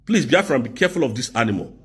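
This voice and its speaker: A man's voice: mid-range voice, big pitch swings, racing, breathy edge. A man ranting angrily in commentary, hurling insults and rebukes. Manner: insulting, shouting rebukes, swearing. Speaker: political commentator.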